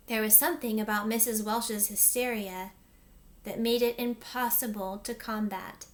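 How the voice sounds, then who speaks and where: A woman teacher reading a chapter book aloud to her class in an expressive storytelling manner. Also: on the high side, normal speed.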